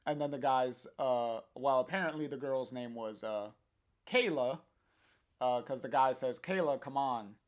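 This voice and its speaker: Slow, hesitant man reading a comic. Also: mid-range voice. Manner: hesitant, many fillers. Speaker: comic reader, streamer.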